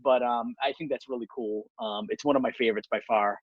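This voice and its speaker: A man's voice: mid-range voice, fairly even intonation, fast, no echo. A man hosting a band podcast, chatting casually and rambling with many ums about the band's songs. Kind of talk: casual chat. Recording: dull dry lo-fi sound.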